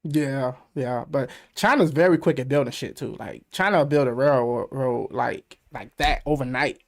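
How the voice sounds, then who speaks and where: A man's voice: mid-range voice, normal speed, gravelly. A man hosting a casual podcast conversation, talking loosely with lots of fillers. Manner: loose and chatty, many fillers. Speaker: podcast host.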